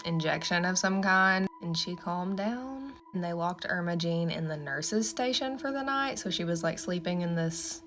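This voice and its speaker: A woman's voice: lowish voice, lively intonation, moderate pace, hardly any pauses, fairly bright tone. A woman telling a horror story in a casual way and talking straight to her viewers.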